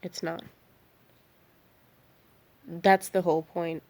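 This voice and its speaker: A woman's voice: lowish voice, level tone, takes it slowly, darkish tone. Tired, heated woman ranting. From San Francisco Bay Area. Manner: heated, profane, rambling. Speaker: vlogger. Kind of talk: late-night rant.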